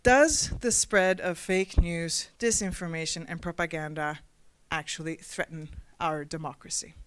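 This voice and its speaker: Give me a woman moderator with a lower voice, measured and deliberate. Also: smooth. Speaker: panel moderator. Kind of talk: scripted introduction, then moderating.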